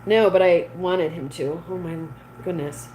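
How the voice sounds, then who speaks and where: In a low-quality recording with slight background noise, a female livestream host reads viewers' comments aloud and chats casually with them. She speaks at a measured pace in a low, mellow voice with fairly even intonation.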